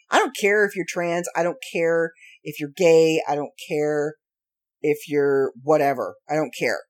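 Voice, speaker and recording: A woman hosting her own podcast from home late at night, ranting in a sarcastic way with slow, drawn-out emphasis. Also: low voice, fairly even intonation. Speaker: podcast host. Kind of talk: ranty solo podcast monologue.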